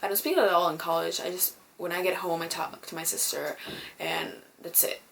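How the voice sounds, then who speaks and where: Chatty young woman, lowish voice. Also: steady tone, brisk, gravelly, fairly bright tone. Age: young adult. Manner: chatty, lots of ums, swears casually. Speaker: beauty vlogger. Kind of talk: casual chat.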